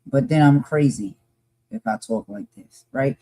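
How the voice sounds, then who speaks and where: A woman's voice: extremely low pitch, a little slow, mellow. A woman co-hosting a live podcast discussion, talking passionately and emphatically and repeating her points for force.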